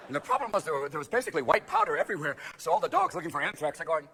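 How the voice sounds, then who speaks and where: A middle-aged man doing a manic stand-up routine, switching rapidly between characters and bursting into shouts. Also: a little high, wildly swooping pitch, vocal fry. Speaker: stand-up comedian. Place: theater stage before a live audience. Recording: live show recording with crowd laughter and noise.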